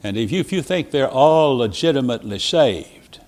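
A man preaching a sermon as a traveling preacher, telling stories with quoted dialogue and sudden loud rises and soft drops. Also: mid-range voice, animated, moderate pace.

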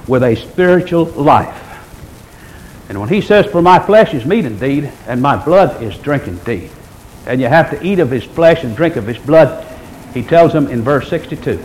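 A man preaching a sermon, reading scripture aloud and swinging between forceful emphasis and low hushed passages. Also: a little hiss or hum, poor audio. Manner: reads scripture in King James wording.

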